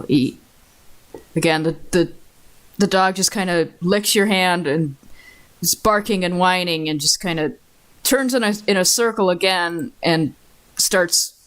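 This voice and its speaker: Low-voiced woman running a tabletop game. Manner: relaxed, laughing, swears casually. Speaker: dungeon master.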